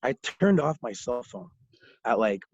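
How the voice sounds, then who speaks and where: A man's voice: medium pitch, a little slow, creaky, slight background noise. A young man from Ontario, a podcast guest telling profane, laughing stories in casual talk. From Ontario, Canada. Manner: profane, laughing, animated storyteller. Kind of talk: casual storytelling. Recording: dull lo-fi recording, dry.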